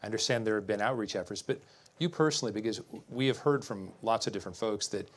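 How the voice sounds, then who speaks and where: A man moderating a political debate, asking brisk, probing questions. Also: fairly low pitch.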